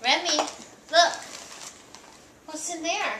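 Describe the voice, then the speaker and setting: A woman's voice: very high voice, slow. A young mother in a home video, coaxing her baby in a sing-song voice as he opens birthday cards and gifts. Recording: roomy, distant camera mic with background noise.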